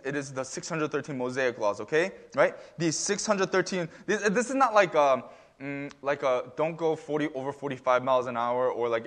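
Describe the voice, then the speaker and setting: A young man preaching a sermon as pastor, conversational with lots of fillers and emphatic rises. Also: on the high side.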